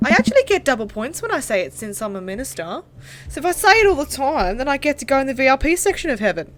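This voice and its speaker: A woman's voice: high voice, sing-song, fast talker, noisy background, voice pushed up. A woman voicing a pompous male minister with an Australian accent in a dating game. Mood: smug. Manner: indignant, blustering.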